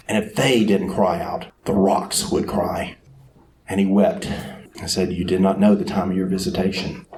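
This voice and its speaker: A man preaching a sermon who tells the story dramatically, sometimes acting out crowd voices with sudden shouts. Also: deep voice, fairly even intonation, moderate pace, a little hiss or hum.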